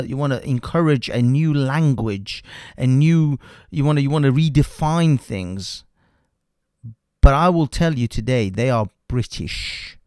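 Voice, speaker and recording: A man's voice: mid-range voice, a little mellow, dry recording, studio quality. A man from the United Kingdom hosting a livestream, delivering a heated, profanity-laced political rant with lots of repetition. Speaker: livestream host. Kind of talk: ranting political commentary.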